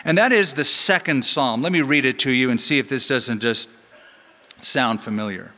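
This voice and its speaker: A middle-aged man, a pastor, preaching a sermon in an animated way with joking asides, in a large church. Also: medium pitch, moderate pace. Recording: long hall reverb in church.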